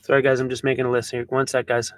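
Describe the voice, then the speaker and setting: A Canadian man hosting a casual livestream from inside a camper van, chatty and loose, with frequent fillers and quick apologies. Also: medium pitch, monotone, no echo. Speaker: livestream host.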